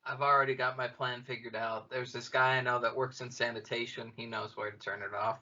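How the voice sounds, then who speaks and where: Bright-voiced man cracking dry jokes. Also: mid-range voice, little pitch movement, brisk, dull audio. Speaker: podcast co-host. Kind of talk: comedic banter.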